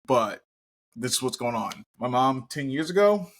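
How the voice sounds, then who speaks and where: A man co-hosting a podcast, telling stories in casual chat, animated and given to swearing. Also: mid-range voice, moderate pace. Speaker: podcast co-host.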